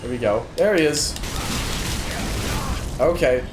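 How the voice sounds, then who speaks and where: Seated at his monitor-lined gaming desk, this man streams a game in a mid-range voice, taking his time. He's yawning and worn out, joking at his own expense and saying the same things over again in relaxed commentary. Background noise fills the echoey room.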